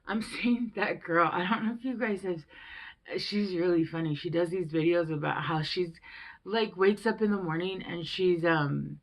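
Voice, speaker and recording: A woman's voice: on the low side, moderate pace. A young woman giving a casual tarot reading, rambling and chatty and swearing freely. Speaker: tarot reader.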